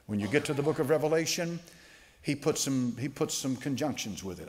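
A man preaching a sermon to a congregation. He slows right down to stress quoted scripture and often restarts his sentences with fillers. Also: mid-range voice, big pitch swings. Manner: emphatic preaching with slow drawn-out quotes. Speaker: pastor.

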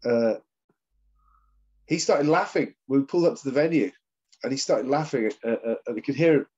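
A man's voice: medium pitch, brisk, a little mellow, slightly rough. A man, a session drummer as the guest, telling rambling anecdotes full of fillers and laughs over a video call. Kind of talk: casual interview chat. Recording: dull lo-fi sound.

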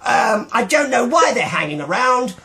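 A man's voice: very high voice, very animated, moderate pace, vocal fry, bright, forceful tone, slight background noise, pitched above the performer's own voice, full character voice. A man putting on a stressed, sweary gent plagued by pigeons, ranting in improvised comedy over voice chat. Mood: exasperated rant.

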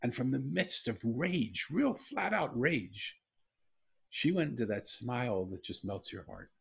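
A man's voice: mid-range voice, sing-song, measured pace, gravelly, a bit bright, husky. A middle-aged man hosting a podcast interview, talking in an earnest, reflective way and telling a personal story. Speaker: podcast host. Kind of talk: heartfelt interview talk.

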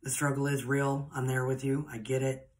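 A woman's voice: rumbling low, little pitch movement, normal speed, darkish tone. A woman, a spiritual podcaster telling personal stories in a chatty, rambling, earnest way. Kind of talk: personal storytelling.

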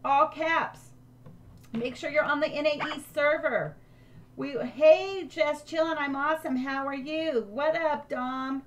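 An older woman live-streaming a game, chatting with viewers and thanking them by name. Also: high voice.

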